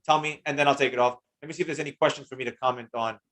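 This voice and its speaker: Hosting a live trading lesson, a man responds to chat comments with slangy enthusiasm and greets viewers by name. He has a medium-pitched voice and talks at a racing speed.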